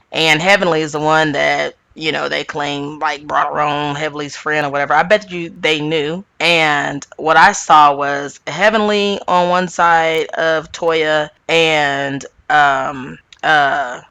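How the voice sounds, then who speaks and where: A woman host giving a casual, opinionated recap of a reality show, animated and ranting, with sudden jumps up in pitch. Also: creaky, no room sound.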